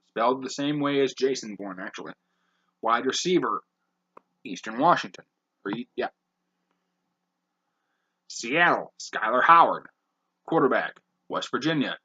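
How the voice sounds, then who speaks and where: A man hosting a podcast, briskly reading off a long list of names with blunt, profane asides. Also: medium pitch, sharp tone, breathy edge, dull audio. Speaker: podcast host.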